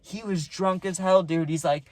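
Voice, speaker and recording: A man's voice: high voice, fairly even intonation, normal speed, dry recording. A young man casually telling a rambling party story, full of slang and saying "dude" a lot.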